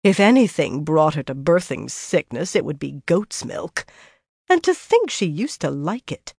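An audiobook narrator reading a fantasy novel in a measured, even storytelling manner. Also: medium pitch, gravelly, breathy edge, dry recording, clean studio sound.

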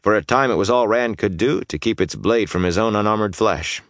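A man's voice: fairly low pitch, brisk, a bit bright, no echo, clean studio sound. A man narrating a fantasy audiobook with intense, dynamic storytelling that swells through the battle scenes.

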